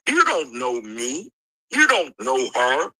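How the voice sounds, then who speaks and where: A man's voice: mid-range voice, huge pitch swings, slow, pushed and bright, no room sound, poor audio. Angry, cursing man in a heated livestream argument. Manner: angry, profane, repeats insults. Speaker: livestream participant. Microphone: streaming call mic.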